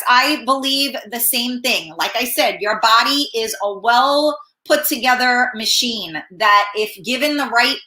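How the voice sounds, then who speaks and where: A woman's voice: a little high, pushed and bright. A woman hosting a casual live-stream talk show, reading viewer comments aloud and answering them with plenty of fillers. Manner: chatty, reads comments aloud, hesitant with many fillers.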